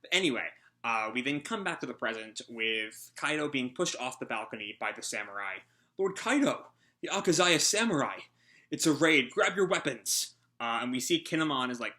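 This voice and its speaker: A man's voice: medium pitch, bright, forceful tone. A man hosting a casual live reaction, out of breath and rambling through a hesitant recap. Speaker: manga reaction host.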